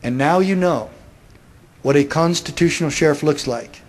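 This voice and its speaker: A man delivers a political speech with an emphatic, questioning style, turning points toward his audience with rhetorical questions. His voice sits somewhat higher than most men's. He often moves into storytelling to drive an argument home. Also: moderate pace. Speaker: speaker.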